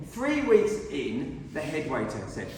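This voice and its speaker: In a humorous speech at a speaking club, a middle-aged man tells lively stories at his own expense, speaking slowly in a rather high voice. It's recorded distantly in an echoey hall with a slight hiss or hum.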